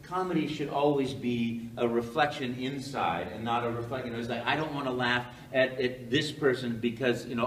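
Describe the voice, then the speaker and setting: An older man giving a rambling, animated storytelling talk on stage as a guest speaker, acting out quotes as he goes. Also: mid-range voice, moderate pace, few pauses, slight background noise. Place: hall at a live event. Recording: roomy hall echo, from far off, faint ambience.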